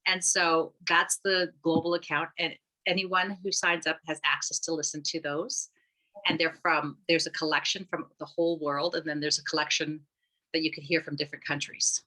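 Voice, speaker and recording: In a low voice with flat delivery and a sharp edge, a woman talks at a moderate pace about the app she started. Her explanation is loose and rambling, full of restarts and fillers, on a rough recording.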